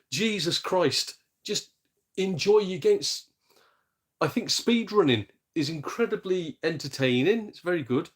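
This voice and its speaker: A middle-aged man hosting a gaming live stream, ranting sarcastically in casual chat and mimicking people in silly voices. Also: fairly high pitch. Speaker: gaming channel host.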